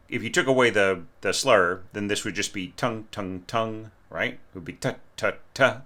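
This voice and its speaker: A man's voice: deep voice, sharp tone. A man giving a casual spoken critique of a student's orchestration, often ending points with "right?" and singing phrases to show them. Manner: frequent "right?" tag questions, hesitant restarts, sings phrases. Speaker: orchestration teacher reviewing student scores.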